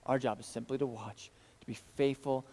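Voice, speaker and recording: A man's voice: mid-range voice, fairly even intonation, brisk, darkish tone. A man, a pastor, preaching an earnest sermon to his congregation in a church. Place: church sanctuary. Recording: long church reverb.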